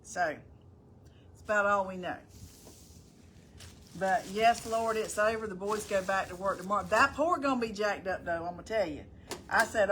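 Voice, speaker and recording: A woman's voice: mid-range voice, moderate pace, a bit bright, slight background noise. A middle-aged woman chatting casually on a live stream, folksy and talkative, greeting viewers by name as she goes.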